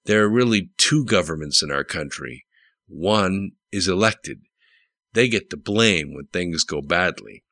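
A man reading the lines of a calm male admiral explaining things in an audiobook. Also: low voice, a little slow, creaky, no echo, exaggerated voice. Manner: lecturing, storytelling.

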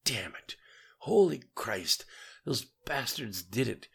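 A man voicing a gruff, hard-driving male military commander in an audiobook. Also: mid-range voice, very animated, takes it slowly, a bit bright, pitched above the performer's own voice, full character voice. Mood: commanding. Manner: barking orders. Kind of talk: audiobook reading.

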